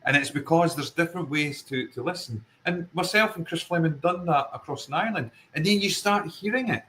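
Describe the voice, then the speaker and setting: A man's voice: a little high, brisk, bright, forceful tone, slight background noise, rough recording. A Scottish man with a Fife accent, a paranormal investigator guest talking earnestly and emphatically in a casual interview, often circling back to his point. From Scotland.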